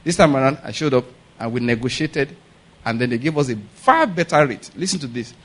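A man's voice: medium pitch, lively intonation, fairly quick, fairly bright tone, low-quality recording. A middle-aged man with a Nigerian accent, a pastor preaching a sermon in a conversational way, often checking that his congregation follows him.

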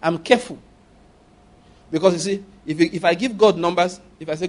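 A man preaching a sermon as a pastor, animated, repeating phrases and acting out prayers and dialogue. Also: fairly high pitch, normal speed. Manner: repeats phrases and asks the audience for agreement.

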